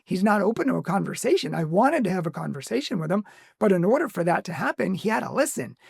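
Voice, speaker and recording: Gravelly man telling a story. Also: high-pitched, sing-song, quick pace, dry recording, clean studio sound. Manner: recounts events with small laughs and quoted dialogue. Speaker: answers phones for a Catholic apologetics ministry. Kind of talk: casual storytelling to camera.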